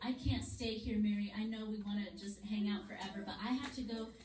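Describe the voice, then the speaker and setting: A woman's voice: medium pitch, fairly even intonation, fairly quick, close to an everyday voice. A woman voicing a kind, tender man. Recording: echoey room, far mic, noisy.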